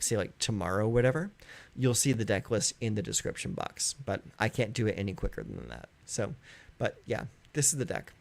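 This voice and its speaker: A man chatting casually on a live stream from his home, rambling with lots of fillers. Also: creaky. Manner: rambling, filler-heavy, easygoing; high baby-talk when calling his dogs. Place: home in California.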